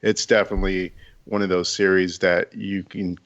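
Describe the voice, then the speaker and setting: A man's voice: low voice, flat delivery, normal speed, a bit bright. A man co-hosting a podcast, giving a casual review and repeating words before his points. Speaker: podcast co-host. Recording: dull lo-fi mic.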